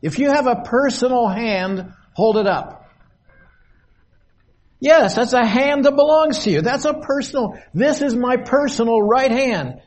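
Older male preacher, higher-pitched, slow deliberate sermon with long pauses at a podium. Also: lively intonation. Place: meeting hall, at a podium.

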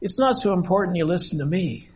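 An older man preaching a sermon from a podium in a meeting hall, slow and measured with long pauses. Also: high-pitched, lively intonation, a little mellow, slightly rough.

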